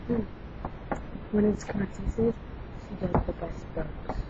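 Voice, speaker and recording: A young woman vlogging casually, loud and brash, swearing freely and rambling through quick stories. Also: medium pitch. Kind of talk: casual chat and storytelling. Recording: lo-fi home recording with background noise.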